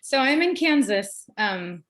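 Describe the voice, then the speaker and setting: A woman's voice: a little high, big pitch swings, slow pace, background noise. A woman from Missouri with a Midwestern accent, a friendly, easygoing podcast guest on a video call. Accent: Midwestern American. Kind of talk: casual interview chat.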